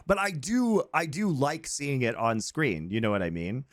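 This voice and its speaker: A man's voice: mid-range voice, expressive, normal speed, no echo, clean studio sound. A man from the United States co-hosting a film podcast, talking earnestly in a rambling casual chat. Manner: earnest, rambling, repeats "you know what I mean". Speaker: podcast co-host.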